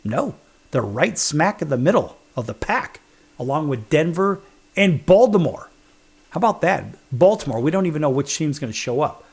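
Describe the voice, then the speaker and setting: A man's voice: on the high side, sing-song, moderate pace, darkish tone, slightly rough. A man from Chicago hosting a sports talk show, counting down rankings with sarcastic, wisecracking emphasis. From Chicago, USA. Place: studio.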